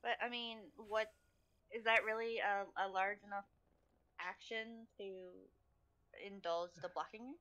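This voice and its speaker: A woman's voice: mid-range voice, steady tone, a little slow, highs cut off. A young woman chatting playfully with friends while they play a game. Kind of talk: casual gaming chat. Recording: loud background noise.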